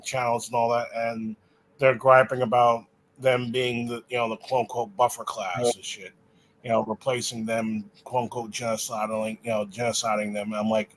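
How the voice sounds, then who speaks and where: A man's voice: mid-range voice, low-quality recording. A man in casual podcast chat, rambling with many fillers.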